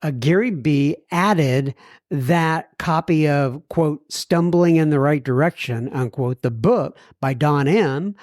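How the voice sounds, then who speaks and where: A man's voice: a little high, slow, darkish tone, no room sound. Folksy male podcast host, dry sound. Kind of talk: casual podcast talk reading listener mail.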